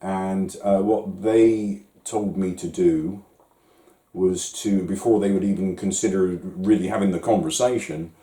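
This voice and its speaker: A man talks slowly and haltingly, stumbling and restarting as he goes. His voice is very deep and dark, with a roomy echo around it. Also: steady tone. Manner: hesitant, many restarts and fillers. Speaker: vlogger. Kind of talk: reflective talk to camera.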